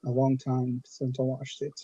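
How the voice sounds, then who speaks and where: A man's voice: mid-range voice, monotone, normal speed, mellow, slightly rough, no room sound, highs cut off. A man making brief, matter-of-fact remarks while watching a movie with a friend. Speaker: watch-along co-host. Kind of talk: casual chat over a movie.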